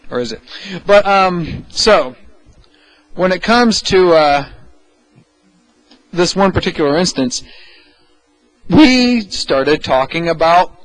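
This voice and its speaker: A man's voice: fairly high pitch, no echo, poor audio. Wry, rambling man introducing a segment. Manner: wry, self-deprecating, rambling. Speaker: podcast co-host presenting a segment. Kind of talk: casual podcast talk.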